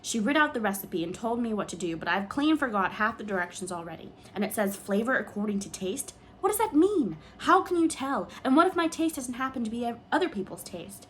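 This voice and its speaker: A woman's voice: medium pitch, animated, fast talker, hardly any pauses, fairly bright tone, slight background noise, natural voice. A woman reading an audiobook, voicing a meek, flustered farmer man who is polite and bewildered.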